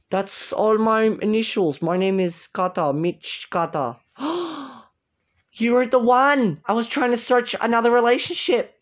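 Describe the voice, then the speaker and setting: A woman doing a bashful young boyfriend, halting and then squealing with excitement, in a home-made doll drama. Her voice sits fairly low, and the sound is dull and lo-fi.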